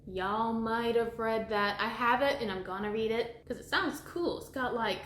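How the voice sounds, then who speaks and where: A chatty young woman reviews a book with a sarcastic, animated delivery. Her voice sits a little high. The room is echoey, with faint noise behind her. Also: normal speed. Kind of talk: casual chat.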